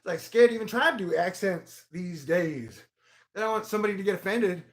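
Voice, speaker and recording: Male vlogger, high voice, profane rambling monologue with loud outbursts. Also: lively intonation, brisk, background noise. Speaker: video blogger.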